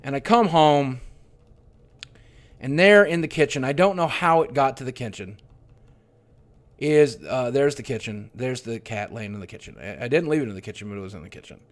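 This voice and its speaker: On his livestream, a middle-aged streamer tells a painful personal story, swearing often and swinging between hushed mutters and loud outbursts. His mid-range voice is expressive and moves at a moderate pace.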